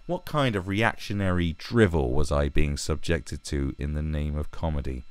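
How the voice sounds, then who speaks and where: A young man hosts a podcast in a combative, profane comedic rant. His voice sits low but swings wide as he sneers and mocks. The recording is dry and close, with no room sound. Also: sing-song, normal speed, a little mellow, no echo. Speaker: podcast host.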